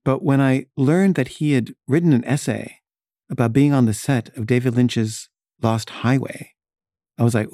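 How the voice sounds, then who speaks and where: Chatty man with a mellow voice. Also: mid-range voice, moderate pace, no room sound, clean studio sound. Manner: chatty, lots of "like" and "you know" fillers. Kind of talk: casual anecdote. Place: San Francisco resident in the past, not now.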